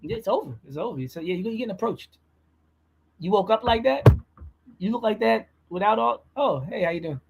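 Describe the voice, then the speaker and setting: A man's voice: high-pitched, expressive, normal speed, gravelly, pauses often, heavy background noise. A man co-hosting a casual livestream chat, chatty and laughing between points.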